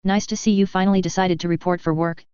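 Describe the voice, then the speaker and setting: A woman's voice: lowish voice, flat delivery, quick pace, a little mellow, smooth, no room sound, muffled recording, natural voice. A woman reading the lines of a sardonic, cutting female intelligence director.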